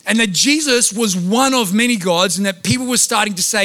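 High, bright-voiced pastor. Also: male voice, brisk. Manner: conversational and humorous, animated storytelling. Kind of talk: sermon.

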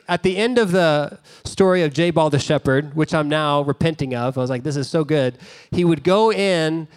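A pastor delivers his sermon in a relaxed, conversational way, stopping for small asides as he tells a story. His speaking voice is a man's voice that sits somewhat high. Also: smooth.

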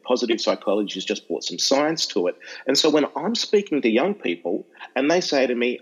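Middle-aged Aussie speaker, animated storyteller, mid pitch, muffled lo-fi audio. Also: male voice, fairly quick, husky. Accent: Australian. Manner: animated, repeats and restarts, acts out voices in anecdotes. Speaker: educational speaker to students. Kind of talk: storytelling interview chat.

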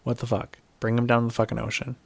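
A man's voice: mid-range voice, quick pace, gravelly, slightly rough, dry recording. A man recapping a TV episode in casual chat. He swears freely and talks animatedly. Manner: profane, animated, slips into mocking voices.

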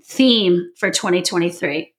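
A woman hosting a podcast in casual chat, animated and playful, laughing often. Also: fairly low pitch, a little slow. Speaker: podcast host.

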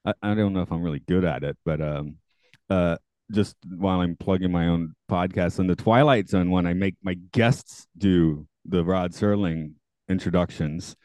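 A man's voice: low voice, normal speed, darkish tone, dry recording. A man in his forties hosting a podcast, chatting casually, laughing often and rambling with restarts. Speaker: podcast host. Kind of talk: casual chat.

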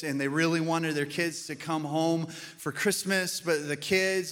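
Preacher guy telling stories from the pulpit, highish voice, big church echo. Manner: storytelling, animated, acts out quoted voices. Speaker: pastor. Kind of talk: sermon. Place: church sanctuary.

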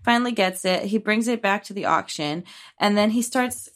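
A woman co-hosting a podcast, casually recapping a film in a rambling, animated way, quoting characters and swearing freely. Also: medium pitch, normal speed. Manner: rambling, animated retelling with quoted voices and swearing. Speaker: podcast co-host.

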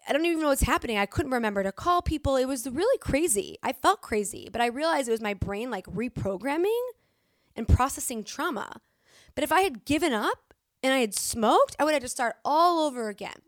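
Woman, podcast host, candid and emphatic, fairly high voice, dry close sound. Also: no room sound. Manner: candid and emphatic, swears, restarts herself. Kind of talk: motivational solo podcast.

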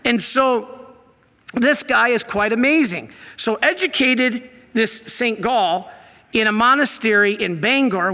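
A man, a priest, telling a story in an animated talk, laughing and acting out the quotes. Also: high-pitched. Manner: lively, laughs, acts out quotes, excitable. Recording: long hall reverb.

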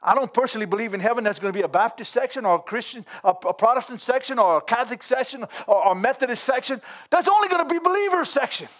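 High-voiced, fervent male preacher. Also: fast, few pauses. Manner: impassioned, fervent exclamations, rising to shouts. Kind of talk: sermon.

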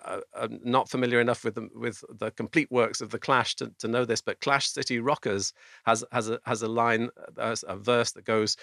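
Host, mid-pitched man, hesitant, stammers through casual chat, dry close mic. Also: steady tone, moderate pace, creaky, pushed and bright, no echo. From England.

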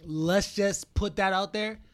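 A man's voice: high voice, fairly even intonation, takes it slowly, clean tone. A young man hosting a podcast, drinking and chatting, who stammers, repeats words and swears a lot. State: drinking alcohol. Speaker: podcast host. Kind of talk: drinking casual chat.

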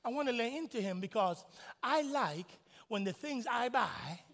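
A man preaching a sermon in church, emphatic, swinging from shouts to soft asides. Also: very high-pitched, expressive, moderate pace, creaky, long reverb tail. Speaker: pastor.

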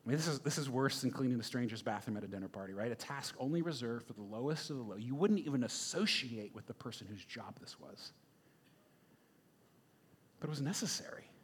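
Speaking in an animated, slightly rough, medium-pitched voice, the pastor moves at a quick pace with few pauses. He preaches conversationally and emphatically, frequently checking in with listeners by asking "right?"

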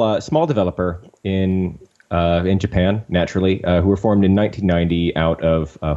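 A man hosting a casual podcast chat, relaxed and full of hesitant fillers. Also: deep voice, highs cut off. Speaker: podcast host.

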